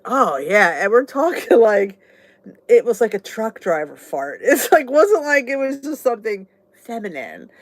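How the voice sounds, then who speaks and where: Casting: middle-aged woman vlog host, chatty and candid, animated pitch swings. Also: measured pace, no room sound. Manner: chatty and candid, laughs often, oversharing. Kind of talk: casual chat with viewers.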